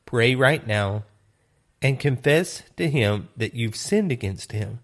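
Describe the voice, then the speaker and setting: A man voicing the apostle Paul as a grave older mentor, speaking slowly and solemnly. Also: medium pitch, lively intonation, pitched below the performer's own voice.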